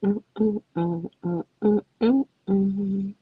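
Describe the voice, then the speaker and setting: A woman hosting a casual live stream, chatting with viewers by name in a lively, talkative way. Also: fairly low pitch, a little slow, vocal fry, breathy edge, no room sound, lo-fi sound. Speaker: psychic live-stream host.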